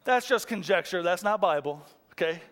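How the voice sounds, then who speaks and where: A man preaching a sermon in a church, swinging from excited emphasis to hushed intensity. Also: sits high, normal speed. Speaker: pastor. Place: church room.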